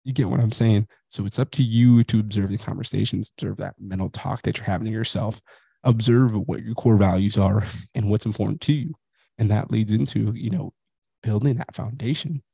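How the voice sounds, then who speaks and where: With a migraine weighing on him, a man in his thirties hosts a podcast and talks bluntly, profanely and self-reflectively in a casual motivational monologue. His fairly low voice is gravelly, dark and slightly rough, brisk in pace with fairly even intonation, and there's no echo.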